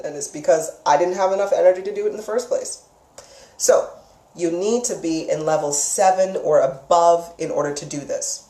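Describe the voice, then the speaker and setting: Warm-voiced woman teaching, echoey room. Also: low-pitched. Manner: instructive, checks in with frequent "okay?"; emphatic, repeats key phrases. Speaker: energy healing teacher. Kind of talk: live spoken lesson. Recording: echoey room, mic far off.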